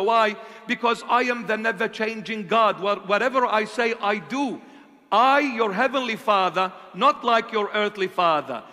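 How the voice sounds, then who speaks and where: A man's voice: very high-pitched, pushed and bright. A man voicing God, who solemnly warns Adam of the penalty for disobedience. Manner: solemn, emphatic warnings. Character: stern never-changing God warning Adam. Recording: echoey church hall.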